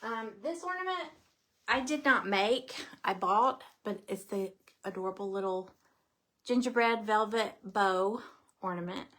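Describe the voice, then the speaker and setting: A middle-aged woman hosts a craft live stream, her mid-range voice fairly bright and her pace measured. She chats casually in a bubbly, rambling way, dropping little asides and greeting viewers by name.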